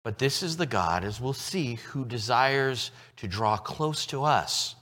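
A male pastor delivers a sermon in an unhurried, animated way, his pitch climbing and falling freely. He leans hard into some phrases and pulls others down almost to a murmur. The voice rings out with a long reverb in a large church hall. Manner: expressive preaching, swinging from loud to hushed.

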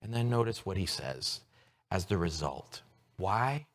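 A man's voice: deep voice, animated. Man preaching in a reverberant hall. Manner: earnest, teaching, slow emphatic scripture reading. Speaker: pastor. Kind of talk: sermon.

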